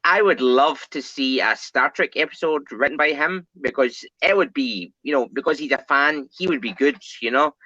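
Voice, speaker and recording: A man's voice: medium pitch, moderate pace, few pauses, bright, forceful tone, no room sound, lo-fi sound. A man co-hosting a casual fan discussion, rambling with lots of fillers and repeated words. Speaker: co-host.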